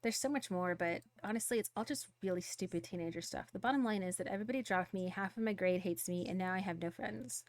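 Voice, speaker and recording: A woman's voice: mid-range voice, fast talker, hardly any pauses, lightly acted. Woman voicing a hurt, exasperated teen girl. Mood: hurt, venting. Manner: rambling, exasperated storytelling. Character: upset teenage girl venting to her dad. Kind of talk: reading a game's dialogue aloud.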